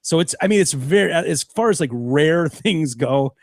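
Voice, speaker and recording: A man's voice: fairly high pitch, lively intonation, normal speed, no echo. A man co-hosting a casual comedy podcast, jokey and laughing often as he tells odd stories. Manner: jokey, laughs often, puts on silly French shouts. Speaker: podcast co-host.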